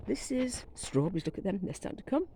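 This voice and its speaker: A woman's voice: medium pitch, big pitch swings, fast talker, background noise. A middle-aged woman, chatting casually as she walks round her back garden, rambling and gushing over her plants while coming down with a cold. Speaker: gardening vlogger. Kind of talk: casual garden walk-through. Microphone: phone camera carried while walking.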